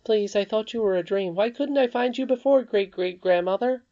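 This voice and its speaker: A narrator voicing a young girl princess in a high, pleading, earnest way. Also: moderate pace, warm tone, natural voice. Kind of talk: audiobook character voice. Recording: slightly dull lo-fi recording.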